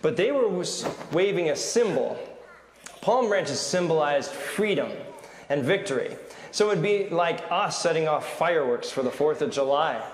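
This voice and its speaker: A man leading a children's sermon in a church, playful and animated as he leads cheers and quizzes the kids. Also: fairly high pitch, moderate pace. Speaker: pastor leading a children's message. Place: large church sanctuary. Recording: roomy church hall reverb.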